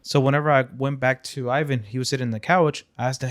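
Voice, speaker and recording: Excited young man retelling a story. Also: mid-range voice, quick pace. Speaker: podcast co-host. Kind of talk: casual chat.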